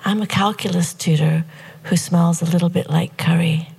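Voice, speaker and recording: A woman telling a personal story to an audience in a hushed, confessional and wry way. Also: fairly low pitch, steady tone, moderate pace, creaky, slightly rough.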